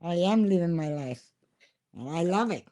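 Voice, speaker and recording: A woman's voice: fairly low pitch, lively intonation, moderate pace, dark tone. An older woman from Mexico with a Mexican accent and Spanish as her first language, telling stories in simple English on a casual podcast and laughing often. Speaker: guest.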